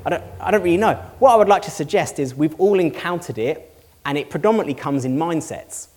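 A male pastor preaches in a church hall, earnest and conversational, putting rhetorical questions to the congregation. He talks fast in a slightly high, somewhat mellow voice.

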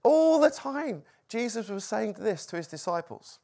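A man preaching a sermon, moving between loud exclamations and hushed, quiet lines. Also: high voice, sing-song, measured pace, creaky.

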